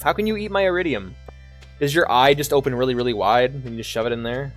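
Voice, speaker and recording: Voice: mid-range voice, quick pace, soft background music. A VTuber streamer giving casual live gameplay commentary, playful and giggly, swearing casually and meowing now and then.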